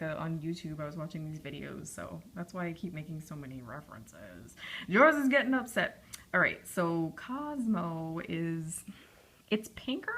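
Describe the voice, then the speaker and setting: A woman's voice: lowish voice, a bit bright. A young woman casually reviewing lipstick swatches, chatty and rambling, with frequent ums and apologies. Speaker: beauty vlogger.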